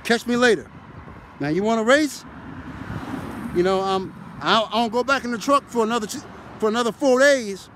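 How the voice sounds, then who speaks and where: A man with a very high-pitched voice talks in a streetwise, animated way, acting out heated arguments. He's sitting in a car, and loud wind noise buffets the microphone. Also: moderate pace, long pauses. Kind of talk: casual storytelling monologue.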